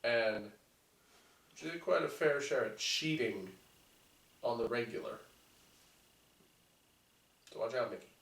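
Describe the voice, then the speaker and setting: A man co-hosting a laid-back podcast, adding dry quips and side comments. He speaks at a middle pitch. He sounds far from the mic, with a lot of room echo. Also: animated, slow, gravelly, pauses often, a bit bright. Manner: dry joking asides. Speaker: podcast co-host. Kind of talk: casual wrestling chat. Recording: roomy, distant mic.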